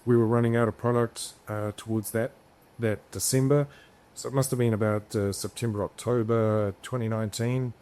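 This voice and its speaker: A man's voice: mid-range voice, fairly even intonation, normal speed, a little mellow. A man as a podcast guest, telling stories in a rambling, casual way, swearing freely and restarting his sentences. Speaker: podcast guest, business founder. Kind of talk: casual storytelling interview.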